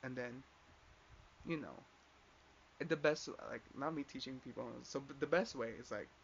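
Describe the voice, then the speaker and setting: A young man with a fairly bright, mid-range voice hosts a podcast, speaking at a moderate pace. His personal story comes out as a loose, casual rant full of filler, with swearing whenever he quotes someone. The sound quality is dull and lo-fi, with faint background noise.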